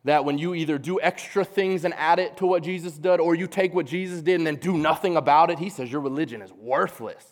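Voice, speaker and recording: A man preaching a sermon in a casual, animated way, acting out quoted voices. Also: on the high side, brisk, hardly any pauses.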